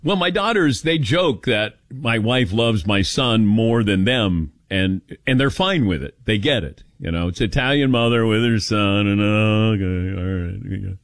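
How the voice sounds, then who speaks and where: A man in his fifties hosting a call-in radio show, animated and joking at his own expense. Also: lowish voice, measured pace, few pauses, no room sound, studio quality. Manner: animated, joking, self-mocking. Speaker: radio host.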